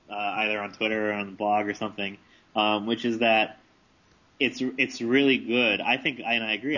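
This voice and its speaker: Bright-voiced man on a podcast panel. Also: on the low side. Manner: earnest, halting with fillers. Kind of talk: casual podcast chat. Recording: dull lo-fi sound.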